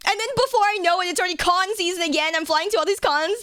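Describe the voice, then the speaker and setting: A woman's voice: extremely high pitch, fast, fairly bright tone, no room sound. A young woman streaming live, chatting casually and apologetically to her viewers in a rambling way, often breaking into laughs and dramatic yelps. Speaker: VTuber streamer.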